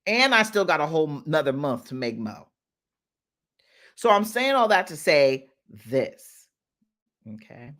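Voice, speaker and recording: A woman's voice: low-pitched, big pitch swings, a little slow, pauses often, fairly bright tone. A woman coach talking casually to her followers on a live stream. She is emphatic and heartfelt and repeats phrases for effect. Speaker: business mindset coach.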